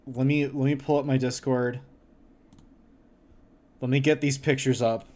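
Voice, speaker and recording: Man, livestream streamer, casual chat, laughs a lot, swears, mock-horrified exclamations, slow unhurried delivery. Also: mid-range voice, flat delivery, a little mellow.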